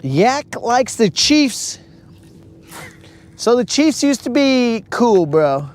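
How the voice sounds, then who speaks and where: A man's voice: extremely high pitch, very animated, very slow. A young man hosting a fishing livestream, ranting and joking in a casual way, calling his viewers bro. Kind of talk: casual live-stream rant.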